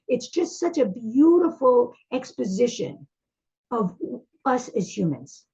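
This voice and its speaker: Brief: woman teacher, higher voice, earnest and searching, lots of fillers, dull lo-fi sound. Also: normal speed, warm tone. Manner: heartfelt, searching, many fillers and restarts. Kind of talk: teaching a class on a psalm.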